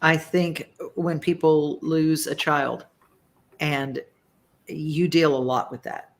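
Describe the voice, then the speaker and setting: A woman's voice: low voice, fairly even intonation, slow. Woman, talk show host, emphatic, direct, conversational. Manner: warm, emphatic, reads viewer comments. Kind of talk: casual talk show chat.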